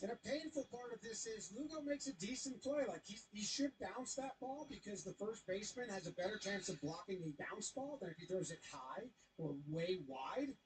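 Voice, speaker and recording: A man casually recapping baseball highlights, joking and voicing the players as he goes. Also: a little hiss or hum. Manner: animated, jokey, voices the players.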